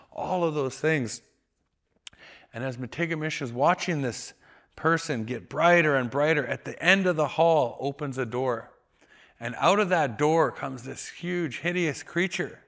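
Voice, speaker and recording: Calm, measured man telling a story. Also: a little high. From Canada. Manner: calm, measured, slows for emphasis. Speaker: storyteller and educator. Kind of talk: oral storytelling.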